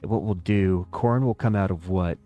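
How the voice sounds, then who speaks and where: A lower-voiced American man talks loosely to his viewers while he plays, wandering off on tangents and poking fun at himself. Faint game music plays behind him. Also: moderate pace, narrow, tinny audio. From United States. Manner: rambling, self-deprecating, talks to chat. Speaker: game streamer. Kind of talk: casual live-stream chat while playing.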